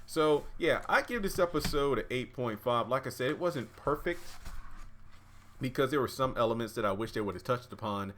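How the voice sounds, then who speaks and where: A man casually recapping and reviewing a TV episode, chatty and relaxed, with plenty of fillers. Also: mid-range voice, moderate pace, a little hiss or hum. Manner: relaxed, chatty, acts out dialogue with many fillers. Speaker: YouTube TV reviewer.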